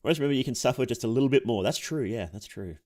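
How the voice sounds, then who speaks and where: A man's voice: mid-range voice, expressive, very fast, darkish tone. A young man streaming as a VTuber, chatting casually with viewers, reading chat aloud, laughing often and restarting his sentences.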